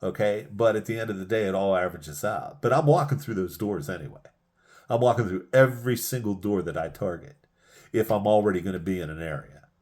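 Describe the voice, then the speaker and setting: Emphatic male sales trainer, fairly low voice, drives points home by repetition. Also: fairly quick, darkish tone. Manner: emphatic, repeats key phrases for punch. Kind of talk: motivational sales talk.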